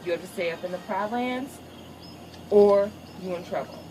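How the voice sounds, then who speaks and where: A woman voicing a stern, overprotective lion king father who talks gruff, bossy and crude. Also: mid-range voice, moderate pace, warm tone, faint music behind, pitched below the performer's own voice, close to an everyday voice, rough recording.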